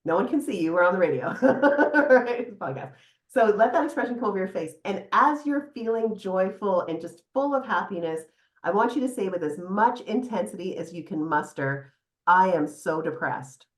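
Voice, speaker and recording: A middle-aged woman psychotherapist talking casually as a podcast guest, animated, laughing now and then as she explains. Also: medium pitch, a little fast. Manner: animated, laughs often, guides listener through exercise. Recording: echoey room.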